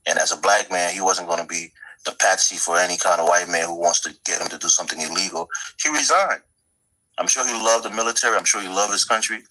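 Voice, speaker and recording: A man from the Minneapolis area arguing a political point earnestly, halting and restarting often. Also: deep voice, pushed and bright, poor audio. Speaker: debate guest. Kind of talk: political debate.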